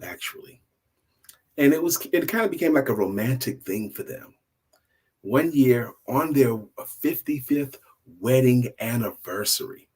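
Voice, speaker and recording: Older man, storyteller host, husky, mid pitch, relaxed and repetitive. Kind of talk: casual spoken storytelling.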